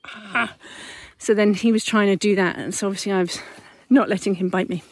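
A woman's voice: medium pitch, steady tone, brisk, a little mellow, no echo. A mother hosting a parenting podcast, talking candidly and chattily while walking up a hill outdoors at dusk. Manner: candid, chatty, self-correcting. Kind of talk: casual reflective monologue.

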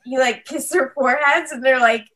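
A woman co-owner of a bakery, chatting as a podcast guest over a video call, bubbly and laughing often as she tells quick stories. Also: high voice, a bit bright. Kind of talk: casual podcast chat. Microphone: video call mic.

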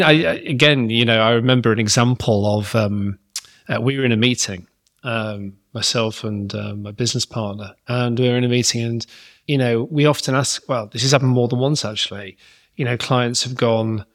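A man's voice: mid-range voice, fairly even intonation, fairly quick, fairly bright tone. A man hosting a business podcast, talking in a thoughtful, rambling way with fillers and restarts. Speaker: podcast host. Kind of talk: conversational interview and wrap-up.

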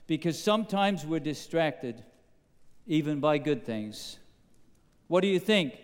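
A man with a high, smooth, resonant voice delivers a sermon, peppering the congregation with questions in an emphatic, animated way. His words ring out with the long reverb of a large hall. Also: a little slow. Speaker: pastor.

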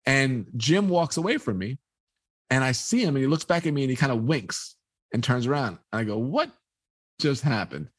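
A man recounting a story as an interview guest, mid-pitched and close to the mic in a dry space. He tells it with energy and slips into the voices of the people he quotes. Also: a little fast, slightly rough, no echo. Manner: animated, acts out quoted dialogue. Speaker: sports photographer, interview guest. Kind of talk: storytelling anecdote.

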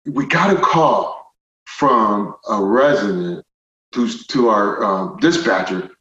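A man telling a personal story as a podcast guest, animated, moving from quiet stretches to loud indignant retellings. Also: on the low side, takes it slowly. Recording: roomy, slightly dull podcast audio.

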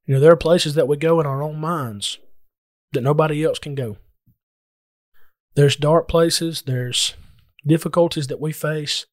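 A man preaching a sermon as pastor, earnest, slowing down for emphatic scripture quotes. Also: mid-range voice, no echo, studio quality.

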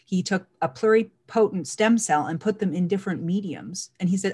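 A woman speaking in a casual monologue, emphatic and animated, often repeating words for stress. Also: medium pitch, moderate pace, few pauses, breathy edge.

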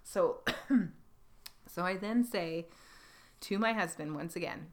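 A woman in her thirties speaks with a slightly low voice and recalls her own experiences. She talks in a reflective, unscripted way, with frequent pauses, fillers and restarts. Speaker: podcast host. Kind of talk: personal storytelling monologue.

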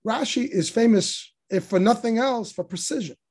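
A man's voice: very high-pitched, normal speed, darkish tone, husky. A man teaching a text study class on religious commentary, explaining with emphatic rhetorical questions and rising voice on quotations. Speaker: Torah teacher.

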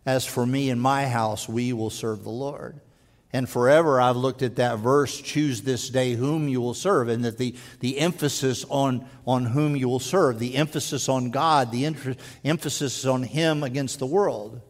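A man preaching a sermon in earnest, stumbling over restarts and dropping to a slow, quiet voice for emphasis. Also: medium pitch, steady tone. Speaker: pastor. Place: church sanctuary. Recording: long hall reverb.

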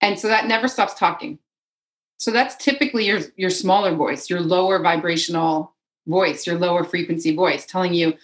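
A woman with a fairly low voice talks through spiritual ideas as a guest on a podcast. She explains earnestly and circles back on her own phrases for emphasis. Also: moderate pace, poor audio. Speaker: energy healer, podcast guest. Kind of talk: conversational interview.

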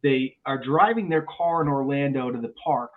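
A male airline pilot, a guest on a podcast, telling stories in a lively way and often restarting his words. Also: medium pitch, moderate pace. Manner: animated storyteller with frequent restarts and repeated words. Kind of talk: podcast interview chat. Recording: phone-like narrow sound.

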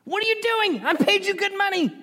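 A man acting out a furious king who shrieks his complaints in a high, strained voice. The yelling bounces around a reverberant hall. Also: expressive, a little fast, exaggerated voice. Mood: indignant. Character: indignant king, furious at being cheated.

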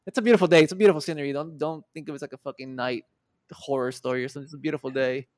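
A man's voice: fairly high pitch, rapid-fire, no room sound. A man in his twenties, a podcast guest, casually retelling a story with lots of swearing and acted-out quotes. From Mexico. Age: 20s. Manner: profane, animated retelling with quoted dialogue.

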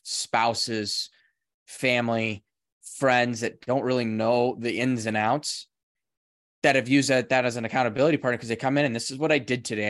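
A man with a mid-range voice hosts a casual podcast. He tells stories in an animated way, speeding up in quick bursts. His delivery is lively and conversational. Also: mid-range voice, dry recording, studio quality. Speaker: podcast host.

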